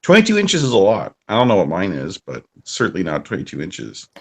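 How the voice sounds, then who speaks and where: A man's voice: sits low, huge pitch swings, a little fast, husky. Dry-humored man co-hosting a podcast. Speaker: podcast co-host. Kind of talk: casual film discussion.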